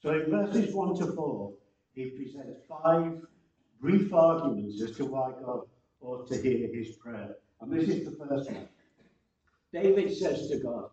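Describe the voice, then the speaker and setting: A man preaching a sermon, slow and earnest, repeating phrases for emphasis, recorded from a distance in a large room. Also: mid-range voice, animated, dark tone. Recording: distant, roomy and muffled.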